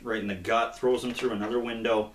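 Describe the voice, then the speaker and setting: A man co-hosting a casual comic review, retelling the story in an animated way and acting out the characters' lines. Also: mid-range voice, a little fast. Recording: roomy, distant mic with faint noise.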